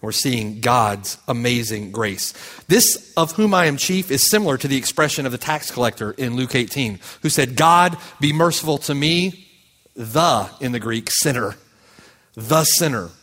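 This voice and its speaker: A man's voice: mid-range voice, animated, unhurried, fairly bright tone. A man preaching a sermon as pastor, speaking with impassioned, building emphasis.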